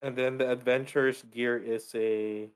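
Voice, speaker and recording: A man playing a tabletop game in a relaxed, easygoing way. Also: mid-range voice, moderate pace, clear, resonant tone. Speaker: player.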